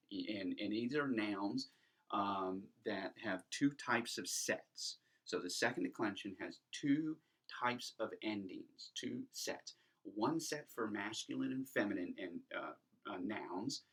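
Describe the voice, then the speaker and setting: Middle-aged guy teaching greek grammar, kinda husky, lowish voice, lots of ums and restarts. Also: fairly bright tone. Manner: chatty, restarts sentences often, many ums. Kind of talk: informal classroom lecture.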